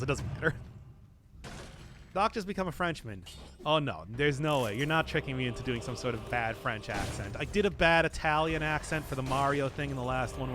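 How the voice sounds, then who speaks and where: In a noisy setting, a man with a mid-range voice streams himself gaming and chats casually with his audience. He rambles, chuckles often and answers questions from chat.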